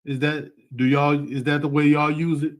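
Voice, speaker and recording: A man's voice: fairly high pitch, level tone, normal speed. A man in an online scripture class over a video call, who chimes in with repeated affirmations and talks loosely, with lots of fillers. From United States.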